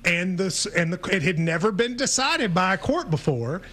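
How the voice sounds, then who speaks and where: A man's voice: high voice, big pitch swings, moderate pace, pushed and bright. A man hosting a sports talk radio show, speaking in an assertive, wry way.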